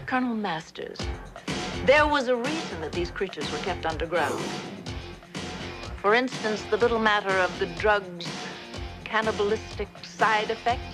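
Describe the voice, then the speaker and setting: A woman's voice: mid-range voice, lively intonation, normal speed, close to an everyday voice. A woman playing a worried scientist who warns an army colonel in an old movie clip. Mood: warning. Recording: film clip with music, from off-mic.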